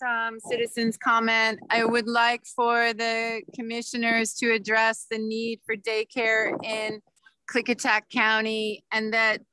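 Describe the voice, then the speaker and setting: A woman's voice: fairly high pitch, sharp tone, clean tone, dry recording, low-quality recording. A woman giving public comment by video call, firm and insistent, with many fillers.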